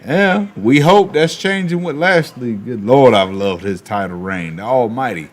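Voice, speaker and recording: A man streaming and chatting casually, animated, with quick asides and laughs. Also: mid-range voice. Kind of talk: casual chat while opening cards.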